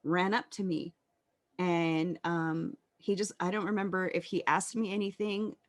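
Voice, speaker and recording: On a podcast, a thirties-aged woman opens up about her personal story, earnest and reflective, stopping now and then in halting pauses. She has a fairly low pitch and keeps her intonation fairly even.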